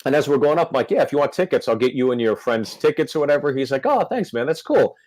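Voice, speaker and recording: A man's voice: medium pitch, very animated, quick pace, darkish tone, no echo, poor audio. A male comedian telling a story on a podcast, acting out the quotes. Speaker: comedian guest.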